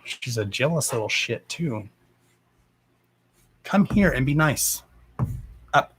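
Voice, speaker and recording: A man's voice: mid-range voice, expressive, takes it slowly, fairly bright tone, breathy edge. A man hosting a casual live stream, talking bluntly and with plenty of swearing, and breaking off to speak to his dogs. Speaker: live-stream host and dog owner.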